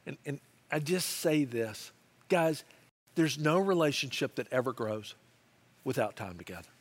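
A man's voice: medium pitch, measured pace. A middle-aged male pastor preaching a sermon, telling stories and acting out the voices of people he quotes. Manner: animated storytelling, acts out quoted voices.

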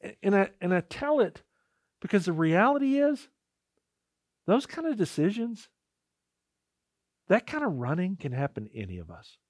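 A man preaching a sermon and telling a story dramatically, dropping to a hush and rising to loud cries. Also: sits high, very animated, moderate pace, long pauses, no room sound, clean studio sound. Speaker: pastor.

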